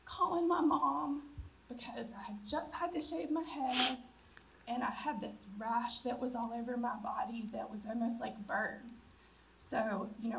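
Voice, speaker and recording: A woman sharing a personal testimony at church, halting, with frequent ums. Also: sits high, creaky, a little hiss or hum. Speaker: church member giving testimony. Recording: distant voice over loud music.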